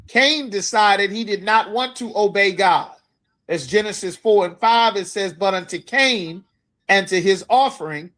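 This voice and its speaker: A man teaching a scripture class, speaking emphatically and asking his listeners if they understand. He reads verses slowly, then explains them in everyday talk. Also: sits high, fairly bright tone. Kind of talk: scripture lecture.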